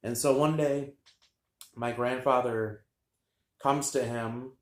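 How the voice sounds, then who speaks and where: A man tells a childhood story in a loose, rambling way, full of fillers and deadpan asides. His voice sits at an ordinary middle pitch. The room around him has a noticeable echo. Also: slow. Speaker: vlogger telling a childhood story. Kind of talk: casual storytelling.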